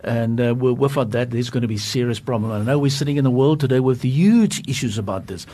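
A man hosting a Christian leadership discussion, asking questions eagerly and praising his guests warmly. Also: mid-range voice, a little fast. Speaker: program host.

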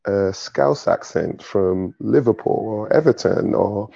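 This young Londoner speaks with a British accent carrying Nigerian inflections, chatting casually as a guest and laughing often. His voice sits on the low side, animated but slow, creaky and dark in tone. The recording is dry, with the highs cut off.

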